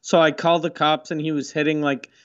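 Slightly high, lo-fi voiced man chatting. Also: flat delivery, brisk, fairly bright tone, clear, resonant tone. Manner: profane, storytelling with quoted asides. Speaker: podcast co-host. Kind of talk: casual chat.

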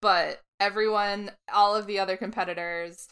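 A woman co-hosts a casual podcast chat with a bright, forward voice. She talks in loose, chatty runs with quick asides and laughs often. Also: medium pitch, steady tone, clear, resonant tone. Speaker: podcast co-host.

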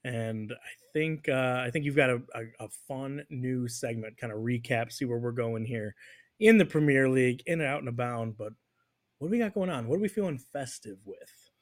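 A man's voice: medium pitch, moderate pace. Playful American man hosting a podcast. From United States. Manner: playful, teasing banter. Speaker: podcast host. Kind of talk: casual chat.

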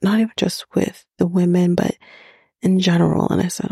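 A woman's voice: lowish voice, level tone, normal speed, creaky, warm tone, husky, dry recording, clean studio sound. A woman from Canada hosting a podcast, chatting casually through a TV episode recap with fillers, asides and swearing.

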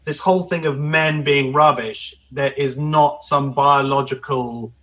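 A man's voice: mid-range voice, steady tone, unhurried, fairly bright tone, low-quality recording. A man, a comedian, talking as a podcast guest in a blunt, emphatic, storytelling way. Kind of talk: podcast conversation.

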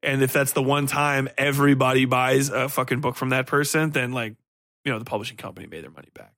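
A man's voice: medium pitch, fast, a bit bright, no echo. Sardonic, cursing male podcast host. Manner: profane, sardonic, rambling. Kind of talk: casual podcast book review.

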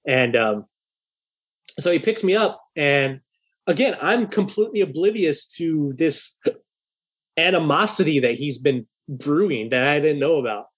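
A man's voice: on the high side, measured pace, breathy edge. A young man casually telling a story, swearing freely and acting out a heated argument in quoted dialogue. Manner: profane, animated, acts out heated dialogue.

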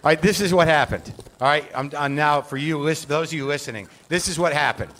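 A man with a somewhat raised pitch hosts a live show from a stage. He delivers a rambling comic monologue, mocking himself and swearing freely as he goes. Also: quick pace, fairly bright tone, a little hiss or hum. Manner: rambling, self-deprecating, profane rant. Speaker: podcast host.

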